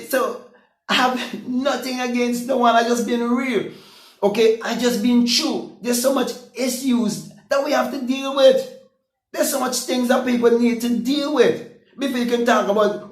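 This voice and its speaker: High-voiced man preaching emphatically. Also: reverberant. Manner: emphatic, repetitive, keeps asking "okay?", laughs often. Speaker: vlogger. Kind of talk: preaching monologue.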